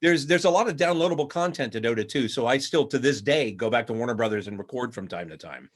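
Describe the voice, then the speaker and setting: A man, a voice actor guest in a casual interview, telling lively stories and slipping into voices. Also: mid-range voice, fast. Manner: lively anecdotal, acts out voices mid-story.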